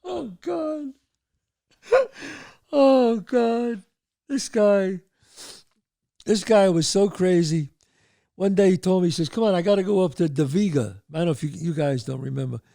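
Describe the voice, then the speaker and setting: With a high voice, some vocal fry, and a moderate pace, a sixty-something host from the Bronx delivers a storytelling monologue in a New York accent. Recalling his past, he acts out the characters animatedly and shouts what they said.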